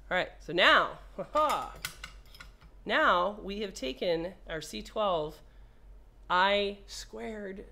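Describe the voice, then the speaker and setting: A woman's voice: medium pitch, expressive, slow, creaky, bright, forceful tone. Playful woman doing a repair demo. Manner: playful, talks to the phone, swears when frustrated. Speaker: repair technician. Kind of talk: casual hands-on demo.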